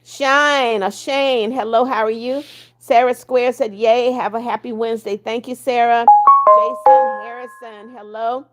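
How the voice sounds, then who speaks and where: A woman's voice: on the high side, fairly even intonation, unhurried, faint music behind. A woman hosting a livestream, reading viewer comments aloud and answering them in a firm, blunt way. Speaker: livestream host.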